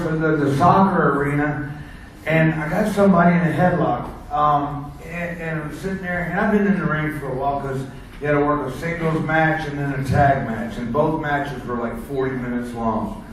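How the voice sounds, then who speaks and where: American ex-wrestler holding court, rambling and chuckling, a touch high, heard from across an echoey hall with faint hiss. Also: male voice. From United States. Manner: rambling, laughs at his own stories. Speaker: wrestler telling road stories at a seminar. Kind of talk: casual storytelling to an audience. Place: seminar room. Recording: echoey room, mic far off.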